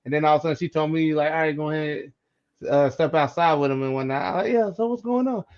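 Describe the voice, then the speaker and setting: A man co-hosting a podcast, telling a childhood story in casual chat, animated and acting out the voices in it. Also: a little high, fast talker, clear, resonant tone, lo-fi sound. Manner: animated, acts out quoted voices, repeats words. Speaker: podcast co-host.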